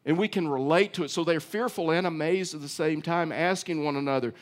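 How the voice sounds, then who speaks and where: A man's voice: a little high, brisk. A middle-aged man preaching a sermon in a conversational way, often repeating words and asking his listeners questions. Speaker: pastor.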